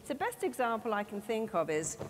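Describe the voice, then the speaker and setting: A woman giving an animated motivational talk to an audience. She acts out the inner voices she quotes. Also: on the high side, a little fast. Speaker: motivational speaker. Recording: reverberant hall, faint background noise.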